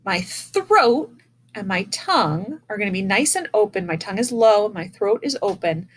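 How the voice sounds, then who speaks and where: A woman's voice: mid-range voice, sing-song, moderate pace, a little hiss or hum. A woman teaching an online music lesson to children. She speaks patiently and demonstrates breaths as she goes. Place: indoors, seated in a chair. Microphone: camera in front of her.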